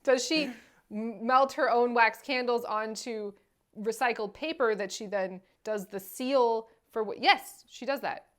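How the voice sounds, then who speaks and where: A woman co-hosting a chatty recap show. Her voice sits a little higher than most, and she talks in a lively, playful way that breaks into laughs. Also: unhurried. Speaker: podcast co-host. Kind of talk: casual chat.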